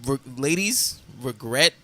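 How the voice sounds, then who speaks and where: A man's voice: medium pitch, lively intonation, slow pace, pushed and bright. A man co-hosting a podcast in casual chat, frank and teasing, laughing often. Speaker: podcast co-host.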